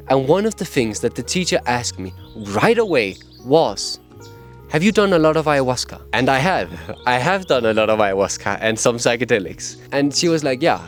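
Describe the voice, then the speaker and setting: A man with a cadence, talking earnestly and openly about his own experience in a personal vlog. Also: mid-range voice. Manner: earnest, open, laughs now and then. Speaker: vlogger sharing meditation advice. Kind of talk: casual personal talk to camera.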